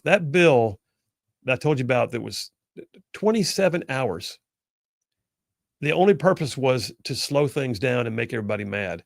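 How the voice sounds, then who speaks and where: A man's voice: medium pitch, gravelly, no echo, studio quality. A middle-aged man, hosting a call-in radio show in a folksy, joking storytelling manner. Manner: folksy storyteller, jokey asides. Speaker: radio talk show host. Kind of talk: casual call-in talk radio chat.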